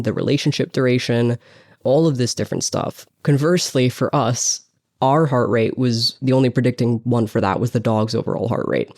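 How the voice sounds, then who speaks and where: A man's voice: medium pitch, a little mellow. A man, a dog behavior consultant and guest on a podcast, explaining research steadily and using lots of "like.". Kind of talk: explanatory interview answers.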